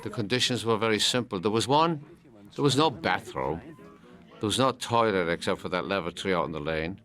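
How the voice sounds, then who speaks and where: Deep-voiced older man, halting recollection. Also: expressive, a bit bright, faint music behind. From Ireland. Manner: halting, repeats words while recalling. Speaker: film commentator. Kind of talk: audio commentary.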